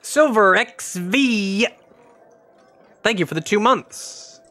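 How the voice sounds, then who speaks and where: Speaking slowly in a high, pushed, bright voice, a young man from Scotland plays a casino game on stream. It's casual gaming chat full of joking with viewers and reactions to each win or loss.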